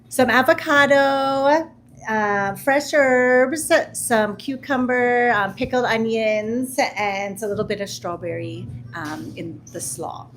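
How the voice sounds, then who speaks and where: A woman's voice: fairly high pitch, a little hiss or hum. A woman, a restaurant owner and chef, explaining a menu to guests in a friendly way, with many hesitations.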